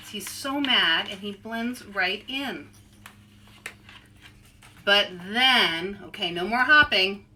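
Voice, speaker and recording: A woman author leads a children's story time with a bright, fairly high voice. She takes her time, playful and animated, pausing to coax her young listeners into joining the fun. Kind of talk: interactive read-aloud for children.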